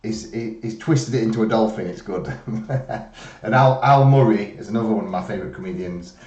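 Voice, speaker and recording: Male reaction host, rambling and low; roomy room, off-mic. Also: fairly quick, a little mellow, distant mic, highs cut off. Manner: rambling, laid-back, restarts. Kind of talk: casual chat.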